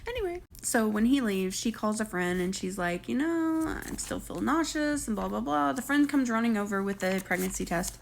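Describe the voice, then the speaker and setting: A woman's voice: medium pitch, lively intonation, a little fast, creaky, hardly any pauses, slight background noise. A young woman casually recapping a reality show episode, chatty and opinionated with gossipy asides.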